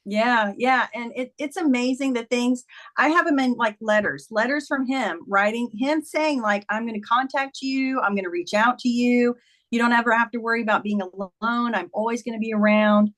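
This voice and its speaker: A middle-aged woman with a fairly high voice tells a personal story in an interview. She is earnest and animated, and she acts out the lines of the people in her story as she goes. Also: normal speed. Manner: earnest, animated retelling with quoted dialogue. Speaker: guest, memoir author. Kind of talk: conversational storytelling.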